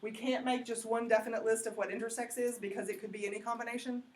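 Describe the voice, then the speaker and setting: A woman's voice: a little high, fairly even intonation, quick pace, far from the mic. A woman teacher giving a casual lecture to her class, asking questions and drifting into tangents. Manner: conversational, asks the class questions, goes off on tangents.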